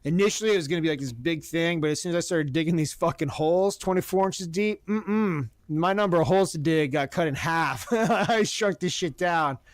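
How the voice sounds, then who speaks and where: Profane, animated storyteller man, higher voice. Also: fairly quick, hardly any pauses, no echo, clean studio sound. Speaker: podcast host. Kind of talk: casual storytelling. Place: Oregon.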